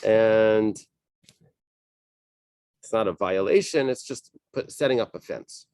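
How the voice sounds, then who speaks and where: Man, Talmud class leader, low voice, halting casual explaining, reads then translates, dry close mic. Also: a little mellow, no echo. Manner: reads Aramaic then translates, with frequent fillers and restarts; casual, thinking aloud.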